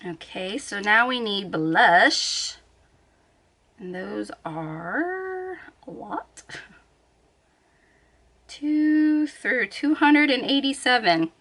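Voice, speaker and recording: A woman's voice: fairly high pitch, expressive, extremely slow, long pauses, a bit bright. A woman vlogging from her bed at home, chatting casually, thinking aloud and laughing often. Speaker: beauty vlogger. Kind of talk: casual chat.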